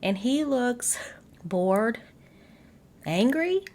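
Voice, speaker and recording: A woman casually recapping a reality show episode, sassy and animated, with asides straight to her viewers. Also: a little high, drawn-out words. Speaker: recap vlogger.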